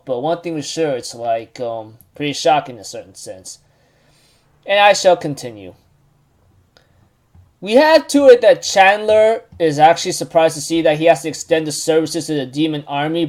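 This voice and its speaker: Rambling young man with a higher voice. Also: darkish tone. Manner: rambling, with fillers and chuckles. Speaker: manga recap host. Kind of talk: casual chat.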